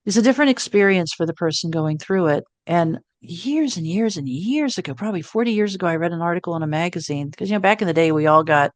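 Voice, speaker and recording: A woman in her sixties telling a personal story as an interview guest, animated, acting out quoted thoughts with self-mocking humor. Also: on the low side, fast, hardly any pauses, dry recording. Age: 60s.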